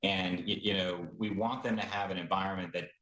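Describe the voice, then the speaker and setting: A man, a chief medical officer, answering interview questions in a measured, earnest way. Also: low-pitched, fairly even intonation, fairly bright tone. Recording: echoey room.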